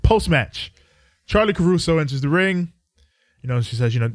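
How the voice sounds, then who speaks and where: A man's voice: a little high, animated, moderate pace, pauses often, no room sound, clean studio sound. A young adult man co-hosting a podcast, recounting events in casual chat. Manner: recounting events with loose acted quotes. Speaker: podcast co-host.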